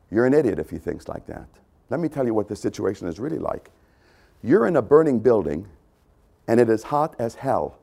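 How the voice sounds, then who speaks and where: A man preaching a sermon, emphatic and repeating key phrases, often clearing his throat. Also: fairly high pitch, darkish tone.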